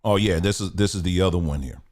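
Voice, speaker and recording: A man's voice: sits low, quick pace, a little mellow. A man hosting a commentary channel, talking earnestly and repetitively, checking that his listeners follow along. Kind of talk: conversational commentary monologue.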